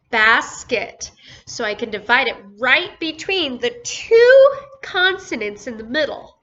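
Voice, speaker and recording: Slow, bright-voiced woman teaching first graders. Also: sits high, big pitch swings. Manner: slow, sounds out words syllable by syllable. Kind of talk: recorded phonics lesson for young children. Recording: dull lo-fi recording with faint noise.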